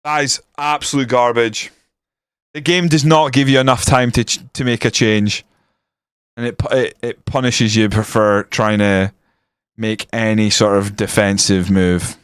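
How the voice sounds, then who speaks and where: Young streamer, potty-mouthed and volatile, smooth voice, dry close sound. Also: male voice, mid-range voice, steady tone, unhurried, dry recording. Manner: swears constantly, yells at the match. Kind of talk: live game-stream commentary. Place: room at home with window open.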